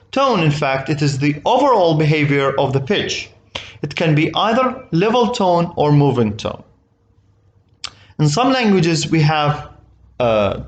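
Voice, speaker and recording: Male teacher with an Arabic accent, patient and explanatory, voice a touch high with animated intonation. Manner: explains slowly, checks understanding with "okay?". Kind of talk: recorded English lesson.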